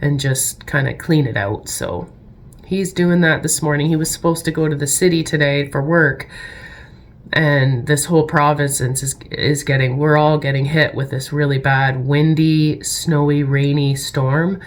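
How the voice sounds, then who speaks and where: Stuffy, low-pitched woman, middle-aged, casual rambling vlogger. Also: fairly even intonation, measured pace. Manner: chatty, rambling storytelling. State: stuffy from a cold. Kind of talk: casual vlog chat.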